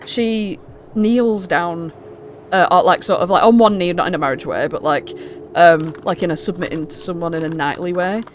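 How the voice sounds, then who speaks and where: A woman's voice: fairly low pitch, normal speed, slight background noise. A woman narrating as game master, rambling with many fillers.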